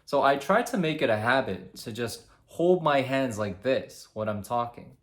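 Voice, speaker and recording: A young man speaking straight to camera as a communication coach, with lively, demonstrative explaining. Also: medium pitch. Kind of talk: instructional talk to camera.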